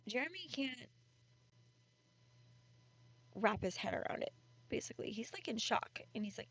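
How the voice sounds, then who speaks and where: A woman's voice: on the high side, animated, normal speed, gravelly, long pauses, a bit bright, breathy edge, dry recording. A woman casually retelling a creepy story in a chatty, conversational way with many fillers.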